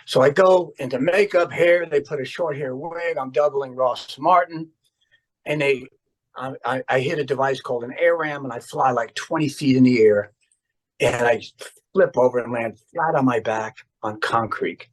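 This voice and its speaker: An older man from New Jersey, a stuntman guest telling an excitable anecdote full of exclamations. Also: medium pitch, normal speed, low-quality recording. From New Jersey, USA. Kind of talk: storytelling anecdote.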